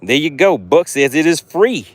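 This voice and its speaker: A man hosting a live fishing stream, talking excitedly to his chat viewers. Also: on the high side, normal speed, no room sound. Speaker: fishing livestream host.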